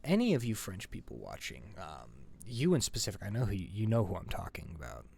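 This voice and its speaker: A man with a low voice rambles through casual gameplay commentary. He jokes and puts himself down as he goes. A faint ambient noise sits behind him. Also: huge pitch swings, fairly quick, gravelly, a little mellow. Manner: self-deprecating, joking, rambling. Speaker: gamer.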